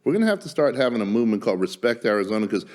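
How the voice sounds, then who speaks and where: A man's voice: on the low side, racing. A man co-hosting a podcast, chatting casually and repeating his phrases for emphasis. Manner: repeats phrases, lively backchannel. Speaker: podcast co-host. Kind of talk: casual chat.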